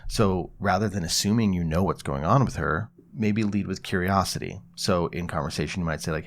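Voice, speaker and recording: Deep voiced guy on an advice podcast, calm and explaining stuff. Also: brisk, hardly any pauses. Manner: calm, explanatory, acts out example dialogue. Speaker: podcast host, psychologist.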